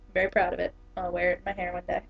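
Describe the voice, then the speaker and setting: A woman's voice: lowish voice, completely flat delivery, rapid-fire, vocal fry, breathy edge. A young woman in her twenties, an English teacher, chatting casually to the camera with lots of fillers and laughs. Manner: chatty, giggly, many fillers. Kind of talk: casual vlog talk. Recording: dull lo-fi camera audio.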